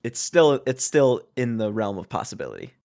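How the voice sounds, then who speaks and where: A man's voice: medium pitch, wildly swooping pitch, moderate pace, creaky, darkish tone. A man in a casual podcast chat, playful and often laughing. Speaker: podcast co-host.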